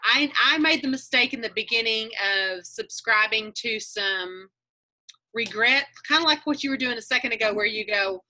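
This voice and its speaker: Woman, business coach on a video call, earnest motivational delivery, very bright tone, slightly high voice. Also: normal speed, a little hiss or hum. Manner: earnest, motivational, many restarts.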